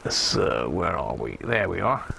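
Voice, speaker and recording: A man's voice: low-pitched, very animated, measured pace, creaky, bright, forceful tone, a little hiss or hum. A man hosting a casual live stream about restoring an old radio, chatty and greeting viewers by name as he works.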